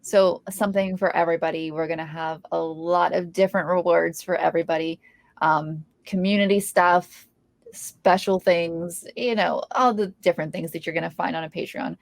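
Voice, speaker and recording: A woman's voice: on the low side, steady tone, moderate pace, creaky, dry recording. A woman co-hosting a casual podcast, enthusiastic as she explains plans to listeners. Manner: enthusiastic, talks promos steadily. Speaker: podcast co-host.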